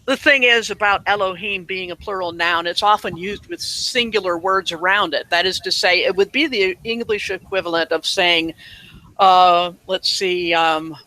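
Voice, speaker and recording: A man's voice: high voice, bright, forceful tone, rough recording. A man in casual online talk, answering a question with earnest, rambling explanations and restarts.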